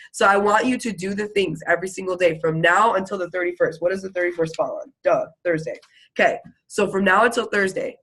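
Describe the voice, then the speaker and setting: A network marketing team leader gives a motivational live video talk, a fired-up woman coaching her team in chatty, fast bursts full of "like" and "literally." Her voice is lowish and the audio quality is poor.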